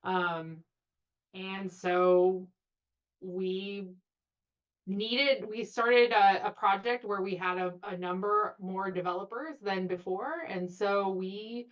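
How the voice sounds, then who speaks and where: A woman's voice: mid-range voice, slow. A woman guest in a casual interview, chatty, saying 'like' often and acting out quotes. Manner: chatty, says 'like' a lot, acts out quotes. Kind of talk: casual conversation. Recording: dull lo-fi audio.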